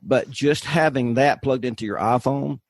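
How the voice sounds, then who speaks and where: A man's voice: medium pitch, moderate pace, dry recording. A man with an Arkansas accent chatting as a podcast guest in a folksy, rambling way, on a desk mic. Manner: folksy, rambling, many restarts. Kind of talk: casual group chat. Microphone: desk microphone.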